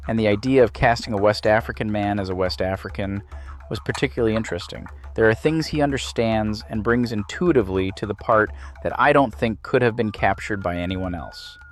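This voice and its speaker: A man narrating a scripted video essay about film, measured and analytical. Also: on the low side.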